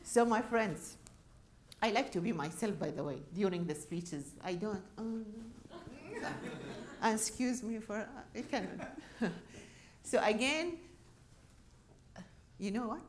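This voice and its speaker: A middle-aged woman with a Qatari Arabic accent giving a university lecture, with Arabic as her first language. She talks in a chatty, animated way and laughs often. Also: mid-range voice, slow, long pauses, slight background noise. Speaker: guest speaker. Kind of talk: public lecture.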